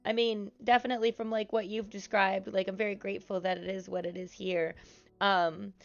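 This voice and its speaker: A woman live streaming from the office room of her apartment over a headset mic, chatting slowly and softly with viewers and cooing to her pet. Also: medium pitch, little pitch movement, gravelly, lo-fi sound. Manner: slow, soft-spoken and chatty, cooing baby talk to her pet. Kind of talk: casual live-stream chat. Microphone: headset microphone.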